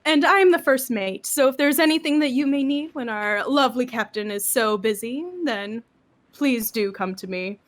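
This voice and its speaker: A woman acts out a courtly half-elven male first mate in a tabletop game. He speaks with flowery gallantry in a fairly high voice. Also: moderate pace, natural voice.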